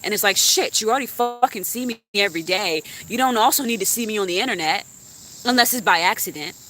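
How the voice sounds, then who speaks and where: A woman's voice: medium pitch, fast talker, a bit bright. A young woman YouTuber venting bluntly to her live stream chat, cussing freely.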